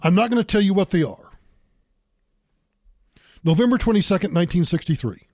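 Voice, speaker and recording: Animated opinionated talk show host. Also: male voice, high voice, fairly quick, dry recording, clean studio sound. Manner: emphatic, repeats points for stress. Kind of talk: opinionated political monologue.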